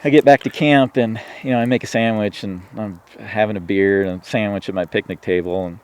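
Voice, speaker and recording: Smooth and lowish, with a steady tone, the voice moves fairly quickly. He's a Washington State turkey hunter on a podcast, telling a rambling hunting story peppered with "you know," fillers, and restarts.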